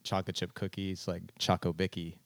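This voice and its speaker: Low-voiced man hosting a podcast. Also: little pitch movement, fairly quick, no room sound, studio quality. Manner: enthusiastic, short affirming replies, asks questions. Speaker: podcast host. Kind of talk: casual interview chat.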